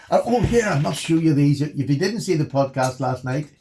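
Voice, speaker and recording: Chatty excitable man. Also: fairly high pitch, a little hiss or hum. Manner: excitable, chatty, frequent restarts and laughs. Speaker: knife channel host. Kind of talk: casual chat to camera.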